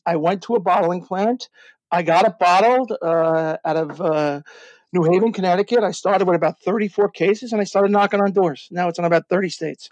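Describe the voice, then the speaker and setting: High-voiced excitable man telling a story. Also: fairly quick, no echo. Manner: excited, with many stumbles and restarts. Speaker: guest, drink brand founder. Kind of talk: animated storytelling in a podcast interview.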